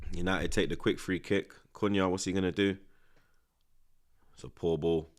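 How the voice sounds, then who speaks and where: A young man, chatting casually in street slang and reacting live to a football match. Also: low-pitched. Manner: animated, street slang, frequent tag questions. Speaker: streamer.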